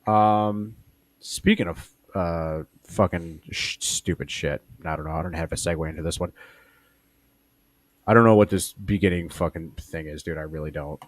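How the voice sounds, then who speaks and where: Profane rambling man, low dry voice. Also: steady tone, normal speed, dry recording. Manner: profane, rambling storyteller, trails off mid-sentence. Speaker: podcast co-host. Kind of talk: crude casual banter.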